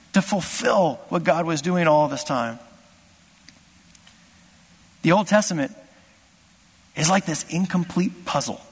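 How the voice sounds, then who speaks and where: A man preaching a sermon as pastor, impassioned, swinging from loud exclamations to hushed asides. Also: a little high, husky, long reverb tail.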